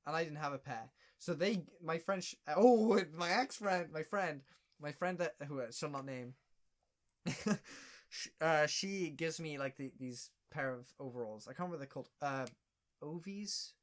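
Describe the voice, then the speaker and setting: A man's voice: fairly high pitch, moderate pace. A young man telling a story on a casual podcast. His speech is loose and hesitant, and he stops and repeats himself often. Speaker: podcast co-host.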